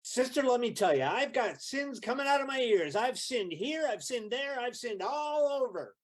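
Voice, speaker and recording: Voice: medium pitch, lively intonation, normal speed, natural voice. A performer playing a man who brags about his sins in a live improv scene, with a repetitive, folksy delivery. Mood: boastful. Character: boastful male sinner proud of his misdeeds.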